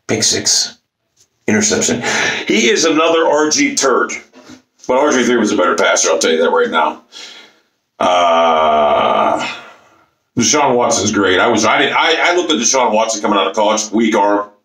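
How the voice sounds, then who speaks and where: A man's voice: fairly low pitch, animated, brisk, fairly bright tone. A man and YouTuber ranting about football to his camera, profane, boastful and repetitive. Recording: echoey room.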